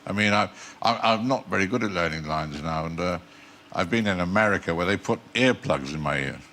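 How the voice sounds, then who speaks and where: An older man, an actor guest on a talk show, telling anecdotes in a dry, understated deadpan way. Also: low-pitched, a little fast.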